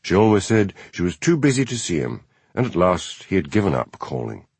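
A man reading a novel aloud as narrator, in measured storytelling. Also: low voice, very animated, vocal fry, a little mellow, breathy edge, no room sound. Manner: measured storytelling, voices each character. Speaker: audiobook narrator. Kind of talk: scripted narration.

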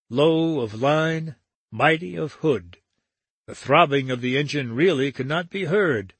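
A man reading a novel aloud as an audiobook narrator, steady and even. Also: mid-range voice, slightly rough, no echo.

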